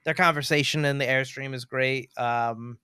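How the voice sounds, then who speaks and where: A man co-hosting a casual film review podcast, animated and quick to act out lines from the movie. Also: medium pitch, clear, resonant tone, dry recording, clean studio sound. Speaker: podcast co-host.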